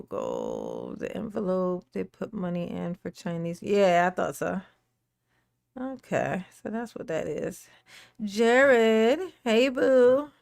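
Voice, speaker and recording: A woman's voice: medium pitch, gravelly, no room sound, clean studio sound. A woman hosting a casual livestream, chatting and laughing, greeting viewers by name. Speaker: livestream host.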